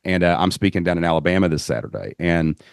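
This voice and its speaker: Deep-voiced Kentucky host, dry sound. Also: male voice, fast, vocal fry, smooth, no echo. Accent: Southern US (Kentucky). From Southeast Kentucky. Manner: animated storyteller, folksy phrasing. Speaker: podcast host. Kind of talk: casual interview chat.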